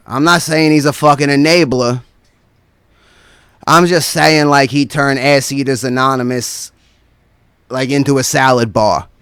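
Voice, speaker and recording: A man's voice: medium pitch, a bit bright, smooth, dry recording, studio quality. A man performing a stand-up routine as a guest comedian, rambling through a profane story and tossing in constant "right?" asides.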